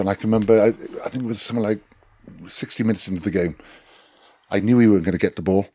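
A man with a Welsh accent, a former rugby player, telling lively anecdotes as a podcast guest with swearing and laughs. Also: fairly low pitch, fast talker. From Wales. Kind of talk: casual storytelling chat.

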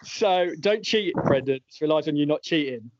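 A fairly high-voiced man hosts a relaxed podcast quiz, chuckling his way through questions and answers. The audio is dull and lo-fi, with a dry, close sound. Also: normal speed, no echo. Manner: jokey, laughs often while reading out answers. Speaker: podcast host and quizmaster. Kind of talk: casual podcast chat, running a quiz.

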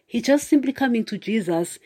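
A preacher talks to online viewers in a loose, conversational way rather than a formal sermon. The speaker keeps turning to the listeners with "you know" and "guys", laughs often, and punches points with emphatic asides. The voice sits at a middle pitch. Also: lively intonation, fairly quick, warm tone. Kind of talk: casual spoken preaching to viewers.

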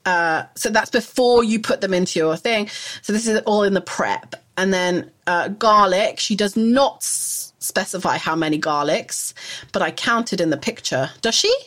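A woman co-hosts a podcast in a loose, casual chat. Her voice sits at an ordinary middle pitch, and she rambles, restarts and laughs often as she goes. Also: moderate pace, a bit bright. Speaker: podcast co-host.

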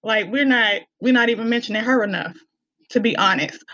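A woman's voice: a little high, a little fast, no room sound. Candid Southern woman, muffled line. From Arkansas, US. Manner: candid, animated, laughs often. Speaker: podcast guest. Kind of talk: casual interview chat.

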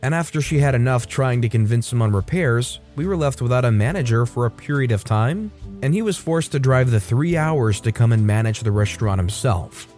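A man reading a Reddit story aloud as a narrator, steady and storytelling. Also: medium pitch, brisk, hardly any pauses, soft background music.

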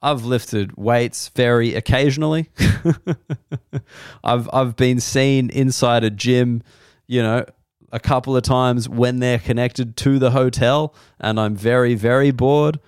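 An Australian man rambling through a comic monologue, swearing freely and punching up his jokes with bursts of fake enthusiasm. His voice is clean and resonant, recorded close and dry with no room sound, sitting at an ordinary male pitch. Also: slow, clear, resonant tone, no echo. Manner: loose, profane storytelling with mock-excited outbursts. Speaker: comedian host. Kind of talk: solo comedy podcast monologue.

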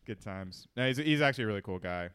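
A man's voice: lowish voice, lively intonation, moderate pace, a bit bright, smooth, no echo, studio quality. A young man co-hosting a casual podcast chat, laughing and swearing often as he swaps cartoon jokes. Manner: laughing, swearing, quoting cartoon lines in voices. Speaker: podcast co-host.

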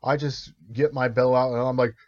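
A male voice actor talking in a casual interview, joking and animated, often stopping to search for words. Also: mid-range voice, moderate pace, dull audio.

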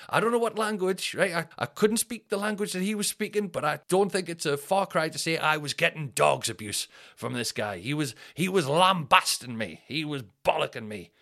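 A man's voice: on the high side, a bit bright. A man, hosting a comedy podcast and telling a self-mocking story in a casual, anecdotal way, swearing freely. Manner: swears freely, mocks himself.

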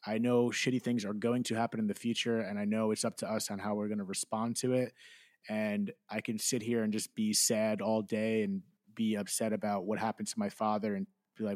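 A man's voice: lowish voice, little pitch movement, brisk, darkish tone, no room sound, clean studio sound. A man in his thirties from New Jersey, a podcast guest speaking earnestly and candidly in a reflective interview, with casual swearing. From New Jersey, USA.

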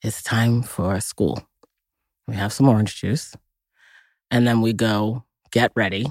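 A woman from Massachusetts, an actress being interviewed, telling lively, reflective childhood stories and often laughing. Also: extremely low pitch, dry recording, clean studio sound. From Massachusetts, USA. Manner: reflective, vivid listing, breaks into laughter. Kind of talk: casual interview storytelling.

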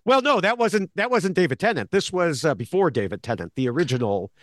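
With a sing-song voice on the high side and a fairly quick delivery, this man co-hosts a podcast as a longtime show analyst. He recaps episodes in casual chat thick with fillers and restarts, and the studio-quality recording has no echo.

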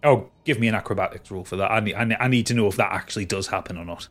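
A man's voice: on the low side, racing, fairly bright tone. A man narrating as game master in a casual, laughing way, often restarting his sentences.

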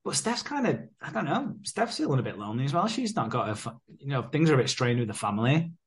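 A man's voice: mid-range voice, very animated, fast. A man, casually recapping a soap episode as podcast co-host and acting out the characters' lines. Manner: laid-back, sweary, acts out characters' lines.

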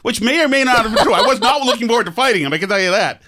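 A podcast host telling a story in a casual, animated way, acting out his own quotes. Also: very high voice, rapid-fire.

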